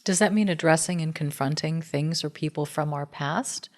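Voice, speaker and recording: A woman's voice: sits low, normal speed. A woman in her fifties hosting an interview, responding in a reflective, encouraging way. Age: 50s. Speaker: podcast host. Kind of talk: interview conversation.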